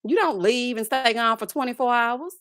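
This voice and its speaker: A woman hosting a casual reality TV recap, sassy and animated, calling her viewers child and baby and breaking into laughs. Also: moderate pace, no echo, studio quality. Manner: bursts into high laughs. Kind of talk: casual chat.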